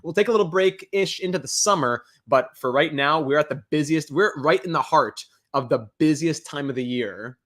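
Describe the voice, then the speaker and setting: A man's voice: on the high side, normal speed, hardly any pauses, a bit bright. A young man hosting a live reaction stream, chatting and reading viewer comments aloud. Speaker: livestream host.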